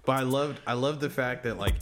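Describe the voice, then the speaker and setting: A man, the game master, wrapping up a session in relaxed, chatty talk that repeats itself. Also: medium pitch, fairly quick, over loud music. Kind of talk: casual podcast wrap-up chat.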